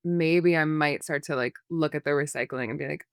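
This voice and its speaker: A woman's voice: sits low, expressive, unhurried, no echo, clean studio sound. A woman therapist, a podcast guest, explaining in a rambling, casual way full of fillers and examples.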